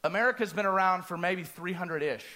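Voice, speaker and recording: A man preaching a sermon, telling a personal story in an animated way and acting out his own screams. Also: high voice, fast talker.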